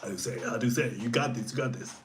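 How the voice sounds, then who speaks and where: A man with a Japanese accent giving a casual live-stream lesson, lively and encouraging, mixing English with Japanese words. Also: mid-range voice, very fast, slight background noise, low-quality recording. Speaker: Japanese teacher streaming to viewers.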